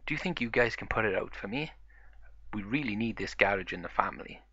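A man's voice: on the low side, expressive, fairly quick, vocal fry, bright, forceful tone, husky, dry recording, highs cut off, heavily acted. Friendly father pig, voiced by a man, easygoing, chatty, toy play story. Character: friendly adult male pig, father figure.

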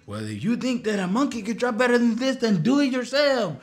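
Man playing a fussing, insistent mom; raised voice, lively. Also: fairly high pitch, measured pace, voice pushed up. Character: pushy, devoted middle-aged mother.

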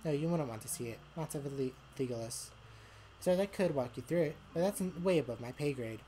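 A woman's voice: very deep voice, expressive, fairly quick, dark tone, a little hiss or hum. A woman voicing a smug, teasing male devil who rules hell, in a visual novel playthrough. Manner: teasing, sarcastic.

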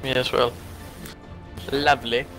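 A man's voice: medium pitch, level tone, unhurried, poor audio. A man gaming with friends over voice chat, who talks relaxedly and encourages his teammates. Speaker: gamer on voice chat. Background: loud game music.

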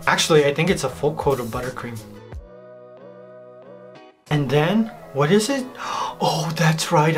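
Bubbly host doing voice-over commentary, excitable, gasps and giggles, a little hoarse, faint music underneath. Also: mid-range voice. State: slightly hoarse, losing voice. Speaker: baking channel host. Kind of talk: voice-over commentary on old footage.

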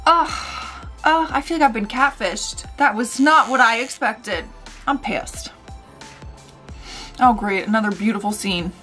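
A woman hosting a casual reaction vlog, sassy and animated, with loud outbursts and slow mutters. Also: a little high, soft background music. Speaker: YouTube reaction host.

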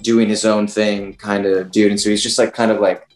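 Rambling low-voiced young man. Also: level tone, moderate pace, darkish tone. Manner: rambling, heavy on fillers. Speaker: actor interviewee. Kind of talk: casual interview chat. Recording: roomy with faint music.

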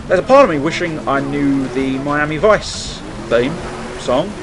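Young male let's-player, slightly high, very animated pitch, chatty and jokey, hums along while playing. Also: measured pace, a crowd in the background. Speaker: let's play host. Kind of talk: casual gameplay commentary.

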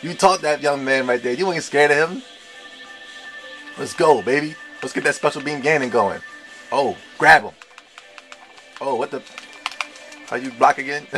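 A young man giving live gameplay commentary, trash-talking his opponents with slang and an excitable manner. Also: mid-range voice, normal speed, long pauses, soft background music. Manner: excitable trash talk with slang, shouts and laughs. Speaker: gamer playing online.

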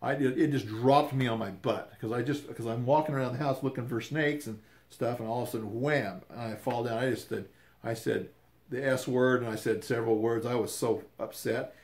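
A man's voice: medium pitch, steady tone, brisk, a little mellow. Older man, casual storytelling, rambling, repeats words.

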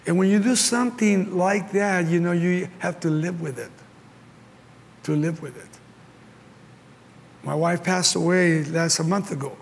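An older pastor from Mexico, with a Mexican Spanish accent, gives a conference sermon full of impassioned storytelling, voicing the people he quotes. He speaks unhurriedly in a high-pitched voice with vocal fry, leaving long pauses. The large hall adds long reverb and faint ambience.

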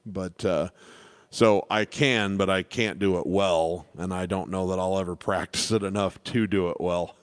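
Casting: relaxed male piano teacher, low smooth voice, rambling live Q&A. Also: moderate pace, no echo. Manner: relaxed, rambling, self-deprecating with many restarts. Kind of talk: casual live Q&A lesson.

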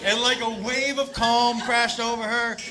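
A man telling a loud, profane story as a stand-up comedian, acting out the people in it. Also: extremely high pitch, little pitch movement, unhurried. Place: comedy club stage with laughing audience. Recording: live club recording with crowd noise.

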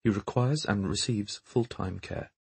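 A man voicing a calm, matter-of-fact middle-aged mother who speaks quietly and precisely. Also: on the low side, unhurried, gravelly, breathy edge, dry recording, exaggerated voice. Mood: composed.

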